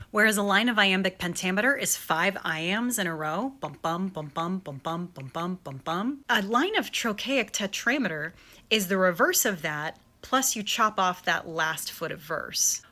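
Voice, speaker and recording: Woman, young adult, bright tone, lively explanatory lesson, chants rhythms aloud. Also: mid-range voice. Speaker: acting coach.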